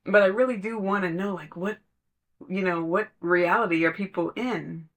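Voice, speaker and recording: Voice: mid-range voice, steady tone, moderate pace. A podcast speaker in casual spiritual talk, telling stories conversationally and laughing now and then.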